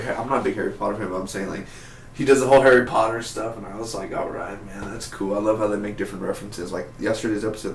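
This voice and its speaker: A man casually reviewing a TV episode, rambling with lots of fillers and acting out scenes in quick impressions. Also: lowish voice, a little hiss or hum. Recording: roomy, distant-sounding home recording with faint background ambience.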